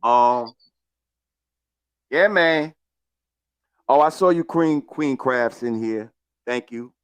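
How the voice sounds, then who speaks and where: A man's voice: medium pitch, slow pace, clean tone, no room sound. A male livestream host chatting casually, thanking viewers one by one in a laid-back way.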